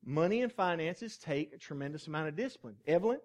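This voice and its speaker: Folksy preacher guy, kinda high voice, jokes around and quizzes the crowd. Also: lively intonation, quick pace. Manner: folksy, jokey and conversational, asks the congregation questions. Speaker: pastor. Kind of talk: sermon.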